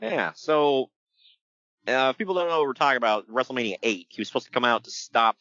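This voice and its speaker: Animated man with a bright voice. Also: fast, dry recording, highs cut off. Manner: animated, laughs often, acts out quotes in a high voice. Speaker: podcast host. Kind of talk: casual podcast chat reviewing wrestling.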